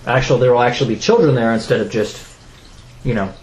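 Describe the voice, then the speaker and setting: A man's voice: medium pitch, quick pace, darkish tone. A man co-hosts a gaming podcast in a loose, rambling chat that stops and restarts often. His voice rings in an echoey room over a faint hiss. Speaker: podcast co-host. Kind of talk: casual chat.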